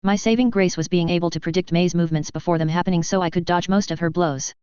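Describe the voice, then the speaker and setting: Fast fanfic reader, very clear crisp voice, dull lo-fi sound. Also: medium pitch, fairly even intonation, darkish tone, no room sound. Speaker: audiobook reader. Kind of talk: reading fan fiction aloud. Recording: dull lo-fi recording.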